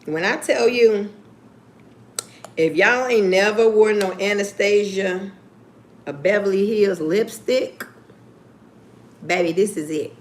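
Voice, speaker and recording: A woman chatting casually on a livestream, candid and profane, with lively swings in her voice. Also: medium pitch, slow, long pauses, slight background noise. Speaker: YouTuber.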